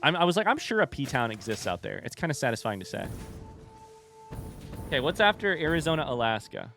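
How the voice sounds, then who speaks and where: A man's voice: mid-range voice, sing-song, brisk, vocal fry, a bit bright, faint music behind. Rambling male streamer chatting casually. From United States. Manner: rambling, self-interrupting, joking asides. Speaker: streamer playing a game. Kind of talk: casual livestream chat with viewers.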